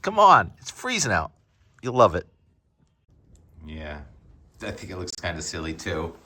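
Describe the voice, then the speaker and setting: A man's voice: low voice, very animated, a little slow. A man who is a meteorologist, talking casually while walking his dog outdoors, narrating the sky and chatting to his pet. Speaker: meteorologist and vlog host. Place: outdoors on a windy coast. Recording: loud wind noise on the mic. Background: wind.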